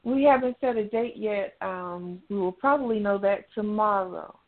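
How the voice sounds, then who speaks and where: Gravelly-voiced woman over a phone line. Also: medium pitch, normal speed. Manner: brief and gracious replies. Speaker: guest. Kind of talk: call-in interview.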